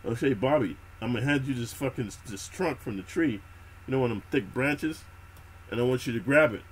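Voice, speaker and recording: With slight background noise behind him, this middle-aged YouTube host talks a little fast in a medium-pitched voice. He shares prison and military stories in an unscripted, casual monologue, loaded with streetwise slang and swearing, calling his listener "homie."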